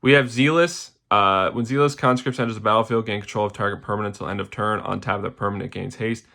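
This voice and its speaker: A man's voice: lowish voice, fast, creaky, sharp tone. A young man casually walking through his card game deck, loose and rambling, with slangy asides and fillers. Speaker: deck tech host.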